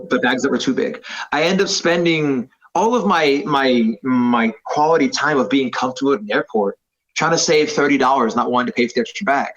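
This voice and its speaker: A man's voice: mid-range voice, fairly bright tone. A man in his thirties, a jiu-jitsu instructor talking as a podcast guest, rambling and self-deprecating with lots of fillers. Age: 30s. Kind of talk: casual podcast conversation. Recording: slightly dull podcast audio.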